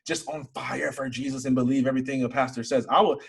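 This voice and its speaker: Husky young man telling his story. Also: medium pitch, fast talker. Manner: earnest storytelling, rising to excited emphasis. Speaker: interview guest. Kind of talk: personal testimony in an interview.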